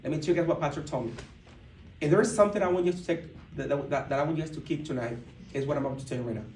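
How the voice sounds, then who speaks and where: A man telling a story to a live audience at a business event, animated, acting out what people said, with many restarts. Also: a little high, very fast, slight background noise. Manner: animated, acts out dialogue, frequent restarts. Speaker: motivational speaker at a business event. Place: large indoor event room. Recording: echoey hall, mic heard from a distance.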